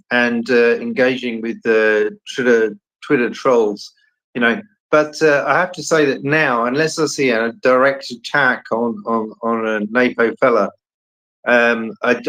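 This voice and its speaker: A man's voice: medium pitch, fairly bright tone, poor audio. Hesitant man calling into audio chat. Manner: hesitant, many fillers. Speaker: caller. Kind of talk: casual live audio chat.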